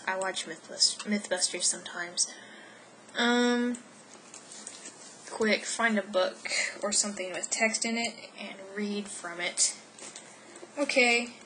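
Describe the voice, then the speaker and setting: A teenage girl from Texas chats casually in a home vlog, her voice bright and clear. She rambles, restarts and fills gaps with ums. A faint noise floor sits under the recording. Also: on the low side, low-quality recording. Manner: rambling, self-interrupting, with many fillers. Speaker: vlogger.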